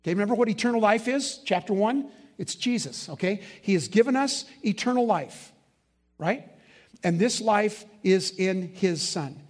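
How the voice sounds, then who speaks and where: A man preaching a sermon as pastor, emphatic, slowing down to stress key words and asking the congregation to fill in the answers. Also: sits high, expressive.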